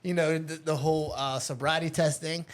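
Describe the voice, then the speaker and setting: A man with a slightly high voice spins wild, profane stories in casual chat. He is animated and laughs through his tales, recorded on location in a home. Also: normal speed. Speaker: podcast guest. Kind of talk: casual storytelling. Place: childhood neighborhood home.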